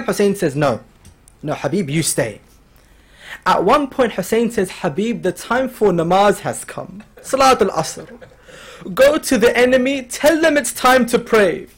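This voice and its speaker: A religious speaker in a lecture hall, this man preaches a mourning sermon, narrating and quoting figures with mounting emotional intensity. His voice is high-pitched and husky, very animated, and a little slow.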